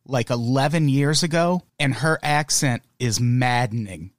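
A man's voice: medium pitch, unhurried, no echo, studio quality. An American man hosting a podcast, chatting casually and making wry jokes. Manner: joking, wry asides. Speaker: podcast host.

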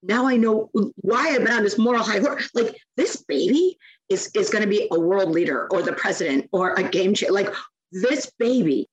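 Animated woman telling stories. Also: mid-range voice, normal speed, poor audio. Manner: animated storyteller, acts out quoted speech. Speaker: guest, nonprofit founder. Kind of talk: casual interview chat.

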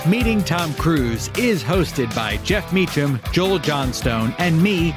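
A man hosting a podcast who reads the closing credits evenly and deadpan. His pitch still moves a lot. Clear music plays under his voice in the studio. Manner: measured, deadpan credit reading. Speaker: podcast host and producer.

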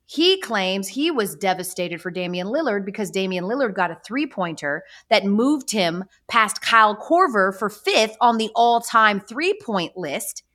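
A woman in her thirties co-hosting a sports chat, talking frankly and with mock exasperation. Her pitch moves a lot, rising and falling as she tells a story. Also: animated, unhurried, few pauses, fairly bright tone. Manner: chatty, exasperated, candid. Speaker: co-host. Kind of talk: casual sports talk.

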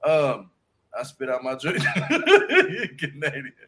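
A man, chatting casually with loud, laughing, slangy, animated storytelling. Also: a little high, slow. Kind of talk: casual joking chat.

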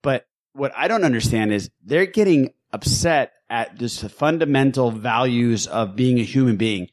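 A man co-hosting a fan podcast, ranting in a heated casual way, swearing and repeating himself for emphasis. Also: medium pitch. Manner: fired-up, profane, repeats himself. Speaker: podcast co-host.

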